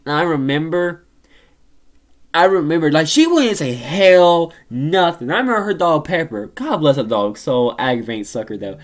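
A woman co-hosting a podcast, telling family stories in casual chat, animated and profane. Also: sits low, moderate pace. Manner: animated, profane, laughs often. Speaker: podcast co-host.

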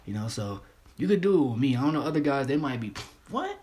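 Laid-back rambling man, mid-pitched. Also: expressive, fast, darkish tone. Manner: stutters and restarts. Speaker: podcast host. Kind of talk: casual solo podcast monologue.

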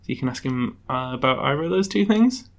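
A man narrating as game master of a tabletop game, halting often and giggling as he goes. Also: medium pitch, lively intonation. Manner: giggly, halting, with many ums.

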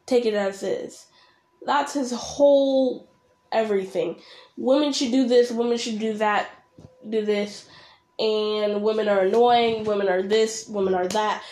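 A woman's voice: fairly high pitch, darkish tone, reverberant. A young woman ranting bluntly and sarcastically while she reacts to a video. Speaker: reaction vlogger.

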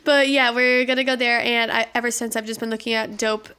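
A bubbly young woman in her twenties co-hosts a casual podcast, chatting with lots of "like" and quick laughs. Her voice sits high and bright. It comes across light and lively. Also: clear, resonant tone. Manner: bubbly, laughs often, says "like" a lot. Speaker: podcast co-host. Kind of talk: casual chat.

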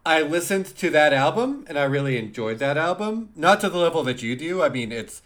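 A man's voice: on the high side, very animated, fairly quick, fairly bright tone. A man co-hosting a music podcast, talking casually with frequent laughter and repeated words. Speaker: podcast co-host. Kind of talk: casual chat.

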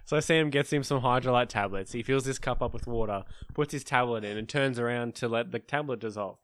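A young man co-hosting a podcast, telling drinking stories in a casual, animated way, laughing and acting out his friends' lines. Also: mid-range voice, a little fast, no room sound. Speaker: podcast co-host. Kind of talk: casual storytelling chat.

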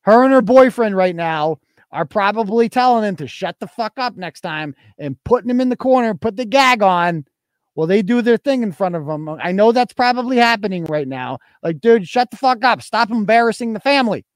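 A man's voice: high voice, expressive, normal speed, no echo, clean studio sound. A man with a Boston accent hosting a livestream talk show, ranting in a mocking, combative and profane way. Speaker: podcast host.

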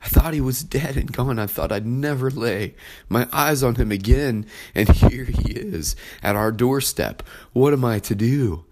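A man voicing an older father who gently pleads with his son, warm and joyful. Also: mid-range voice, a little slow, voice pushed up, lightly acted. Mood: pleading.

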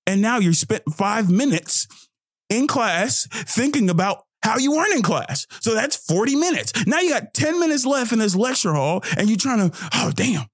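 A young man with a slightly high voice tells a rambling story on his podcast. He is casual and profane, and he slips into his own inner voice to act out each moment. The sound is dry and close, with no room around him. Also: very animated, moderate pace, no room sound. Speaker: podcast host.

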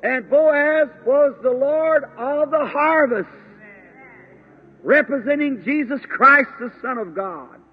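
A man preaching a sermon in a fervent, drawn-out way, breaking into exclamations. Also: extremely high pitch. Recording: tinny lo-fi old sermon tape.

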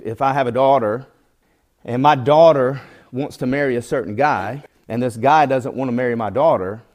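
A man's voice: medium pitch, moderate pace, darkish tone. Man teaching a sermon. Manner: earnest, reads scripture aloud and tells folksy illustrations. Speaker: Bible teacher.

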